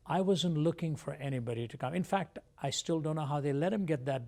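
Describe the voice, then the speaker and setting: A man from India, a guest on a TV interview show, telling his life story in a measured, earnest way. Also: fairly high pitch, vocal fry, mellow.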